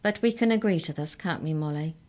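Greedy giant pie maker, scheming and blustery; voiced by a woman reader, low voice. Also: fairly quick, a little mellow, lightly acted. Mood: wheedling.

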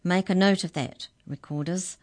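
A woman's voice: lowish voice, moderate pace, darkish tone, close to an everyday voice. A woman voicing a judge with a quivery voice in a children's story.

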